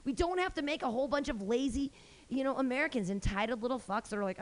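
A woman's voice: fairly high pitch, very fast. Brash, rambling woman doing stand-up. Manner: rambling, brash, self-mocking, with frequent fillers and restarts. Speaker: comedy host and stand-up comic. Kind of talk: stand-up comedy set. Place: small room at a live comedy show.

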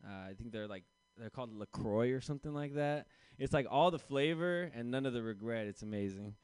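A man's voice: mid-range voice, a little fast, a little mellow, smooth, no echo. A young man doing a stand-up set, telling a self-deprecating story loosely and putting on voices for the people in it. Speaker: stand-up comedian. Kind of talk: stand-up set at an open mic.

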